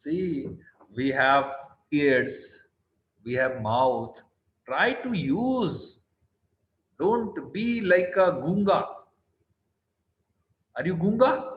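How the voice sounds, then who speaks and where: A man's voice: on the high side, lively intonation, drawn-out words, pauses often, a little hiss or hum. A man with an Indian English accent teaching an online class, quizzing students by name and often asking "right?". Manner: stern, scolds students on tone. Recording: roomy, dull online call audio.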